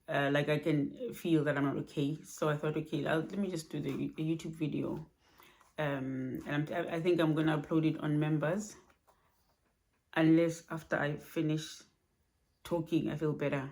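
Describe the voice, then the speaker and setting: Soft-spoken, halting woman vlogging at night. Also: low voice, fairly even intonation. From Australia. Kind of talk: personal late-night vlog. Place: home at night.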